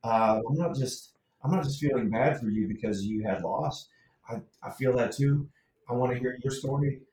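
A man's voice: mid-range voice, moderate pace, a little mellow. A man in casual conversation, rambling and restarting, laughing often. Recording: roomy and distant from mic.

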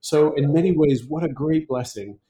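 A man's voice: on the high side, moderate pace, mellow, a little hiss or hum. A man hosting a casual conversation, joking with playful asides. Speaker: podcast host.

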